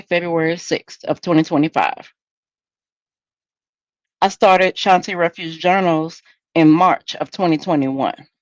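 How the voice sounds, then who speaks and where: A woman's voice: lowish voice, no echo. A woman hosting a solo podcast in a candid, conversational, preachy way. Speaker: podcast host.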